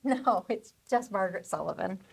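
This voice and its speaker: A woman voicing a lonely, kind-hearted farm wife in a radio play, earnest and gentle. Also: mid-range voice, animated, moderate pace, gravelly, husky. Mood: flustered. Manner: earnest, gentle, easily flustered.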